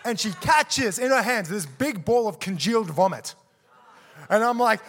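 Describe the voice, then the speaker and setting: A man with a high voice preaches to a church congregation. He tells a story with lots of energy, acting out the people in it with gasps and laughter. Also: fairly quick. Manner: animated, acts out quotes with gasps and laughs. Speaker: guest preacher. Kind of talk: sermon storytelling. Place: church service.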